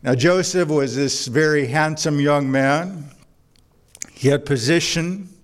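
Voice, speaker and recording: A pastor delivers a sermon to his congregation in a relaxed, conversational manner. He mixes in jokes and asides. His voice sits a little on the higher side for a man. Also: slow pace. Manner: conversational preaching with humor and anecdotes. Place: church before a congregation.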